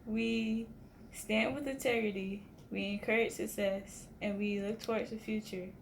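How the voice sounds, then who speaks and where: A woman guest describing her mentor fondly in a casual, relaxed way. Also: medium pitch, unhurried, slight background noise. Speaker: interview guest. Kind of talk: casual interview answer.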